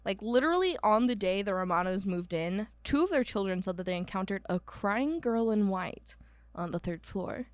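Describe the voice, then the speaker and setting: A woman's voice: mid-range voice, animated, moderate pace, no echo. Woman, Ohio accent, podcast co-host, rambling with fillers, dry close sound. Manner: rambling, filler-heavy, self-correcting. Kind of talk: casual storytelling chat.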